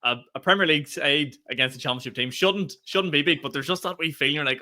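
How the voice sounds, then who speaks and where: A man co-hosting a podcast in casual chat, animated and acting out quotes as he tells stories. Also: on the high side, fast. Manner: animated, acts out quotes, laughs often. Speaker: podcast co-host.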